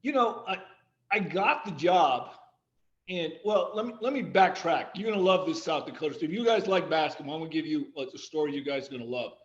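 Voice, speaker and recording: A man being interviewed on a podcast, telling lively anecdotes and quoting the people in them. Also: a little high, fairly quick, echoey room, muffled recording. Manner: animated anecdotes, quoting others. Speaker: guest, athletic director and former coach. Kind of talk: storytelling in a casual podcast interview.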